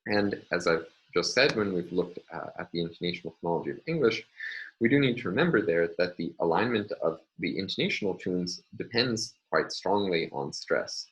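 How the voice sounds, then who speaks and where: A man lecturing, explaining step by step in a measured way with frequent fillers. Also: deep voice, lively intonation, muffled recording. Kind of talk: recorded university lecture.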